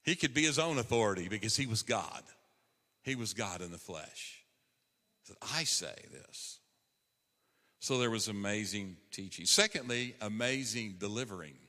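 Bright-voiced male pastor preaching in a reverberant hall. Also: on the low side, expressive, normal speed. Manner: emphatic preaching, rising on key phrases. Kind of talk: sermon.

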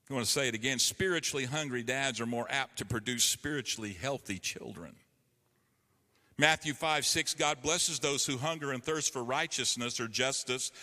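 A man delivers a sermon with earnest, emphatic preaching, calling out for the congregation's response. His voice is bright and forceful. It rings out with a long reverb, as in a large church hall. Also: mid-range voice. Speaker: pastor.

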